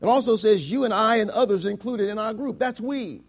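A pastor preaching a sermon to his congregation, swinging from loud declarations to hushed words and stretching key phrases, with frequent rhetorical questions. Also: sits high, brisk.

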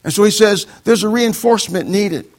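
A man's voice: sits high, brisk. A male pastor preaching a sermon, quoting scripture and calling for amens from the congregation. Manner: call-and-response preaching, quoting scripture, mocking excuses in voices.

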